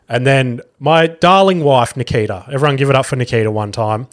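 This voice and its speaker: A man's voice: mid-range voice, fairly quick, hardly any pauses. An Australian man hosting a casual solo podcast, rambling through a story and swearing often. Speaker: podcast host.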